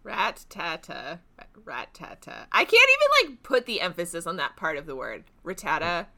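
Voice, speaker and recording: A woman's voice: fairly low pitch, huge pitch swings, fast, pushed and bright. A young woman co-hosting a casual podcast chat, giggly and playfully teasing. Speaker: podcast co-host.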